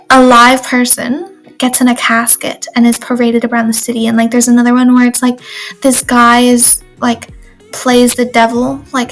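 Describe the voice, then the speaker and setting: A teenage girl chats through her day for a video diary, her voice sitting a little high. She rambles and fills gaps with "like" and "um" as she goes. Faint music plays underneath her. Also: poor audio. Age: teens. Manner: chatty, rambling, lots of "like" and "um". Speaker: exchange student vlogger.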